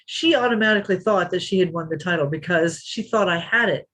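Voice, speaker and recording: Husky woman in her 50s telling fight stories, animated, does little voices. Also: mid-range voice, a little fast, few pauses, low-quality recording. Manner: animated, acts out quotes. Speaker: interview guest, former kickboxing champion. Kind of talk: storytelling in a podcast interview.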